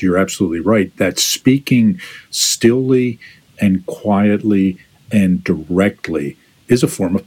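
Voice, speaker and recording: Deep, husky man musing reflectively. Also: a little mellow. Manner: reflective, checks in with "right?". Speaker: podcast guest. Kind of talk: casual film discussion.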